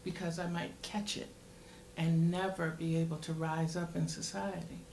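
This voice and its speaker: Gravelly woman recounting on a roomy panel. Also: fairly low pitch, flat delivery, moderate pace, a little mellow, slight background noise. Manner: thoughtful, with hesitations. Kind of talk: panel discussion storytelling. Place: symposium panel in a large room. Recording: roomy room sound.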